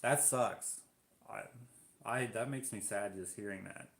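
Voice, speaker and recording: A man's voice: on the low side, unhurried, vocal fry, a bit bright. A Canadian man hosting a live stream, chatting casually as he reads out viewer comments and reacts to them. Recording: roomy echo.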